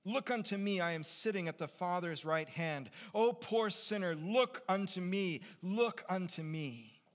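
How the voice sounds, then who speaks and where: A man voicing a fervent country lay preacher, preaching loudly and pleadingly, repeating his plea over and over. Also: mid-range voice, expressive, unhurried. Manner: loud, pleading, repetitive preaching. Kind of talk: sermon.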